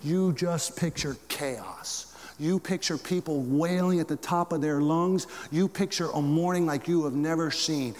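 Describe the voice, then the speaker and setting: A male pastor preaching a sermon to his church, with big swings in pitch and volume. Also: long reverb tail.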